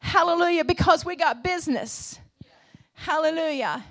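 A woman preaching a sermon to a church congregation, asking the room questions and swinging from quiet, low passages to shouted high points. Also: moderate pace. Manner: call-and-response preaching, swinging between soft low passages and shouted peaks.

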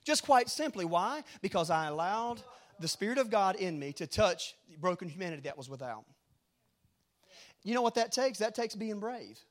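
A middle-aged man preaching a rambling sermon, moving from hushed storytelling to shouted exhortation. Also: high-pitched, very animated, moderate pace.

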